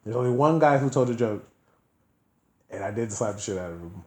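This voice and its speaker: A man's voice: fairly low pitch, lively intonation, fairly quick, a little mellow. A man hosting a podcast, telling stories in a loose, laughing way during casual chat. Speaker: podcast host. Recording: echoey room.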